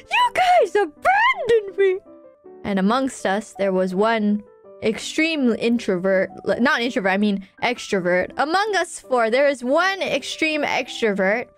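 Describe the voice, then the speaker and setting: A woman's voice: fairly high pitch, animated, a little slow, soft background music. A woman streamer chatting casually, telling a rambling, giggly story with many restarts.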